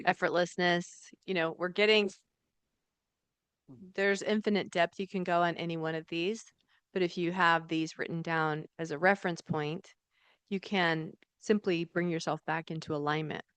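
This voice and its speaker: A woman's voice: lowish voice, fairly even intonation, normal speed, fairly bright tone, smooth, no room sound. A woman presenting at a live training seminar, explaining in a conversational way.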